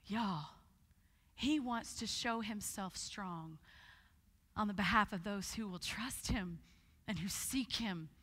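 A woman preaching at a conference, telling her story in a lively way and acting out the voices of the people in it. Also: fairly high pitch. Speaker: guest speaker. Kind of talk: conference sermon with testimony. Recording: long hall reverb.

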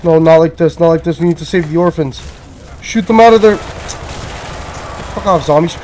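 A man giving casual, excitable gaming commentary, swearing and frantically repeating himself as the action heats up. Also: a little high, moderate pace, a little hiss or hum. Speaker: gameplay commentator.

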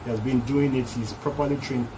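A man's voice: medium pitch, fairly even intonation, brisk, noisy background. A man hosting a music reaction video, casually explaining rap lines one by one in a loose, chatty way.

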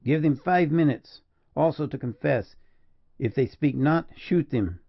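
A man's voice: mid-range voice, animated, measured pace, no echo, highs cut off. A man voicing a cold, stern general who questions prisoners with harsh commands.

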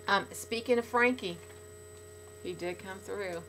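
A middle-aged woman talking casually to fans in a video blog, bubbly and gushing, swinging between loud excitement and soft sincerity. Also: medium pitch, drawn-out words, pauses often. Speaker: podcast regular speaking to fans.

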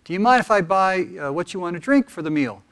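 Man doing an eager woman, stiff neck, stumbling words, high voice. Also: lively intonation, quick pace, fairly bright tone.

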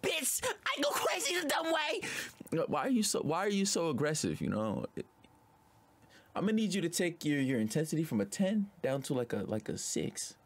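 Husky young man yelling his reactions. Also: fairly high pitch, big pitch swings, brisk. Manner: loud, yelling, often laughing. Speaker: video reactor. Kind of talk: casual reaction commentary.

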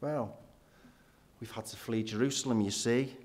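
A man's voice: mid-range voice, fairly even intonation, moderate pace, a little mellow, pitched below the performer's own voice, close to an everyday voice. A man, voicing an earnest male believer who has fled and tells his story with small stumbles during a sermon. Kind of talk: sermon role-play.

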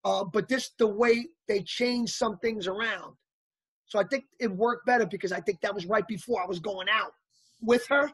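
Man, husky voice, animated storytelling, acts out quotes, dry close sound. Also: sits high, moderate pace, no echo. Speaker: actor guest. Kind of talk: casual storytelling interview.

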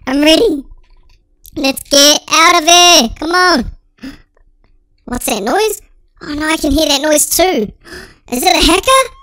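A gaming channel host giving excitable, dramatic let's-play commentary through a sped-up chipmunk voice filter. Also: sits high, slow pace, long pauses, no room sound.

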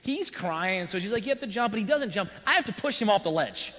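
A man preaching a sermon as pastor, telling a personal story in an animated way with buzzing sound effects. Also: high voice, brisk. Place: church sanctuary. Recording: long church-hall reverb.

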